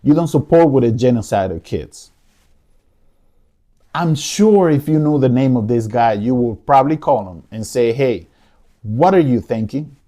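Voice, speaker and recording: Male podcast host, mellow warm tone, mid-pitched, impassioned pleading monologue with frequent repetition. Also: expressive, normal speed. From United States. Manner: emotional, pleading, repeats himself. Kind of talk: impassioned solo commentary. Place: living room.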